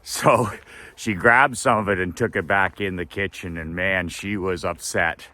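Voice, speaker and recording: A middle-aged man telling a personal story in a relaxed way, with fillers and laughs. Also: sits low, a little slow, dry recording. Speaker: business coach. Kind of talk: casual storytelling.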